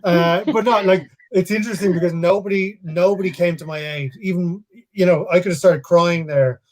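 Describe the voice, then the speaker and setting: Joking Irish man, slightly high voice. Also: steady tone, normal speed, a little mellow. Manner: joking, self-mocking, stumbling restarts. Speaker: podcast co-host. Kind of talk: casual comedy chat.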